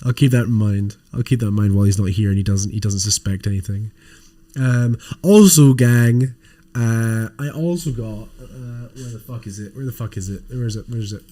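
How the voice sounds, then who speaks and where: A man's voice: fairly low pitch, normal speed, dark tone. A man co-hosting a livestream podcast, rambling casually and swearing while showing off toys. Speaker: podcast co-host.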